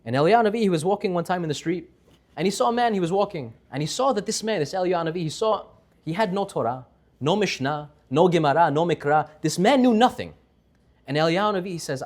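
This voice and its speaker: A man giving a Torah class, telling a story with lively voices for its characters. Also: on the high side, quick pace.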